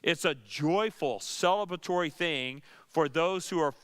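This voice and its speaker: Clear-voiced pastor teaching Scripture. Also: male voice, fairly high pitch, a little slow, fairly bright tone. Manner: earnest, with dry sarcastic asides. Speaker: pastor teaching a Bible study. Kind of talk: conversational Bible teaching.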